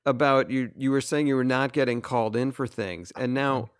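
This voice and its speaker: A man's voice: medium pitch, normal speed, clean tone, no echo, clean studio sound. Joking podcast co-host man. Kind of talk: casual chat.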